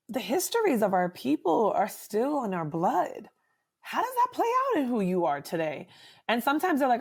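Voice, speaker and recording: Animated woman guest, lots of fillers. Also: on the high side, moderate pace, vocal fry, husky. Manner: animated, frequent fillers and tag questions. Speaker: psychologist guest. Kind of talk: conversational interview.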